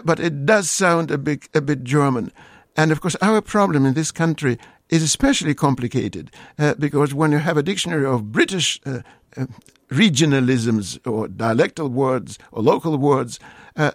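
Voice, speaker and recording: A man's voice: on the high side, no room sound, clean studio sound. A man, a guest linguist on a radio call-in show, explaining word origins in a hesitant, lecturing way with many fillers.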